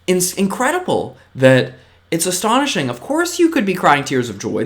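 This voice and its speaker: Earnest and casual, a vlogger motivates his viewers with huge swings in pitch, shifting from eager bursts to quieter, lower asides and regularly tossing in a quick "right?"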